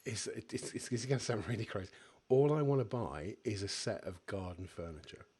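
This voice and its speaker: Male co-host, easygoing, laughs easily, low pitch, husky. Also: brisk. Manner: relaxed, laughs easily, stumbles on repeats. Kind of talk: casual business podcast chat.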